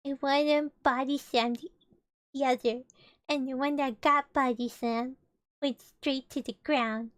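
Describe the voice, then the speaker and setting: A woman's voice: sits high, no echo, studio quality. A young woman streamer reading a storybook aloud with casual, chatty and giggly asides between passages.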